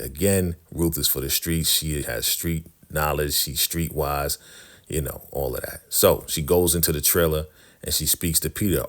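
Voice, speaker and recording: A man casually recapping a TV episode, retelling scenes and acting out the characters' lines in quick, chatty bursts. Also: very deep voice.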